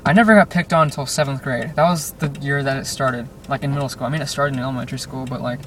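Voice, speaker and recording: A man's voice: mid-range voice, steady tone, fast talker. Young man, rambling car vlog, distant mic, road noise underneath. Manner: rambling, restless, fillers and self-interruptions. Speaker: vlogger. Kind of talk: casual vlog while driving. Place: car in traffic.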